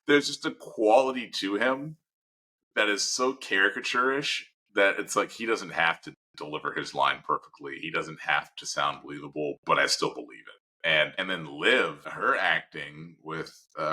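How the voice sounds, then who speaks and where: A man's voice: low voice, normal speed, bright, forceful tone, poor audio. A man co-hosting a casual podcast, talking through his opinions in long rambling turns with restarts. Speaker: podcast co-host. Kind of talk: casual chat.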